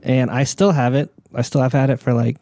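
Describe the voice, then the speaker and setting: A man's voice: medium pitch, steady tone, a little fast, mellow, a little hiss or hum. A young man from Oklahoma, a podcast guest telling a loose, swear-laden story and acting out what people said. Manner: loose storytelling, swears freely, acts out quotes. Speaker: podcast guest, media company owner. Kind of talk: casual podcast chat.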